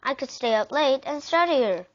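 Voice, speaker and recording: A woman's voice: sits high, animated, normal speed. A woman doing an eager, brainy young boy. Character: young boy, smart eager know-it-all. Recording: dull lo-fi recording.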